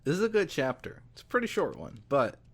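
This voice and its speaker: Relaxed podcast guy who trails off. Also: a little high, fairly quick, husky. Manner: relaxed, filler-heavy, trails off mid-sentence. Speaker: podcast co-host. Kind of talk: casual chat.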